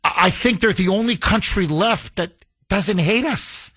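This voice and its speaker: A talk radio host, speaking in a high, bright voice. He argues emphatically and fires off rhetorical questions that he answers himself. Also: measured pace. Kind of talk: opinionated talk radio monologue.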